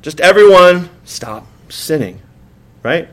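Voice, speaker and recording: Preaching slowly and with animation, a man whose voice sits high addresses a church as its pastor. The sermon feels conversational, peppered with repeated words and rhetorical "right?" questions, and he acts out outbursts of exasperation.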